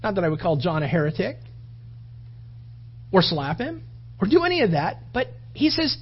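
A man preaching a sermon, telling animated stories with asides to the congregation. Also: very high voice, moderate pace, dull audio.

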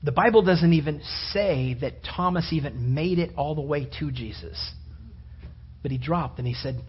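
A man preaching a sermon, telling the story with animated storytelling and acting out the disciples' voices. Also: on the high side, moderate pace, breathy edge, highs cut off. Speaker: pastor.

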